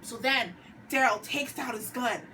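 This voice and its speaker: A woman's voice: on the high side, a little slow, bright, forceful tone, far from the mic, a little hiss or hum, poor audio. A woman vlogger giving a dramatic casual recap of a TV episode, acting out the characters' lines. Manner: dramatic storyteller who acts out lines. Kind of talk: animated casual recap with acted quotes.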